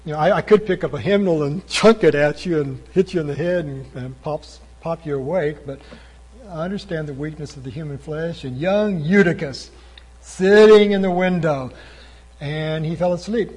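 A man preaching as pastor, building to loud emphatic peaks. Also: a little high, normal speed, slightly rough, poor audio. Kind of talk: sermon.

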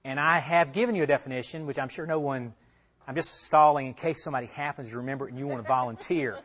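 A man's voice: medium pitch, fast, a bit bright. A man teaching a Bible passage as a pastor, conversational, asking his listeners questions and repeating himself as he talks it through. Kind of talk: expository sermon.

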